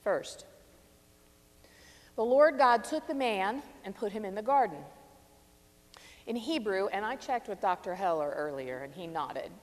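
Woman, preacher, sermon, slow, lively pitch, echoing hall reverb. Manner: reflective, measured, stresses key phrases. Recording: long reverb of a large hall.

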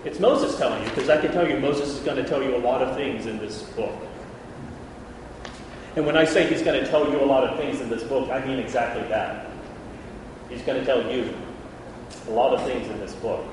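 A man preaching a lively Bible lesson, who jokes with the room and calls out listeners by name. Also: mid-range voice, fairly quick, pauses often. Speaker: preacher teaching a Bible class. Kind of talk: lively sermon. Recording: echoey hall from far off, faint noise.

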